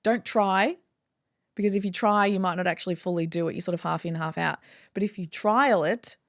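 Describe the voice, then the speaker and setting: Gravelly-voiced woman, dry close sound. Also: fairly low pitch, fairly quick, no echo. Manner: animated, acts out inner dialogue in quotes. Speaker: guest, chiropractor. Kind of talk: casual interview chat.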